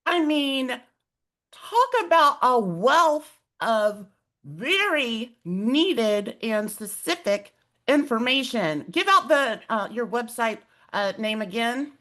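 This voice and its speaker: A woman hosting a webinar in a casual, animated way, telling a personal story with lots of fillers. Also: a little high, slow. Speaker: host.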